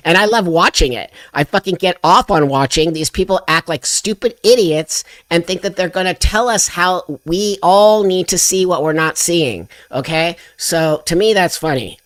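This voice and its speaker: A man's voice: fairly high pitch, normal speed, no echo. A man hosting a live stream, ranting and mocking, swearing freely and breaking into laughter. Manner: profane, mocking, laughs often.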